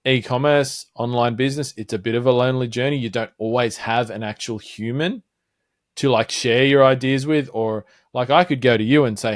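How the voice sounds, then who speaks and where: A man's voice: mid-range voice, steady tone, moderate pace, no echo. Reflective podcast co-host man, dry sound. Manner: reflective, thinking aloud. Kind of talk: casual chat.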